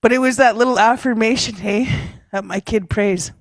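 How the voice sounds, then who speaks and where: A woman's voice: on the high side, normal speed, no room sound. A woman telling personal stories at a leaders' meeting, chatty and self-mocking, tagging her lines with a questioning "eh?" and laughing often. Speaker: speaker at a leaders' caucus. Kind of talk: personal storytelling talk.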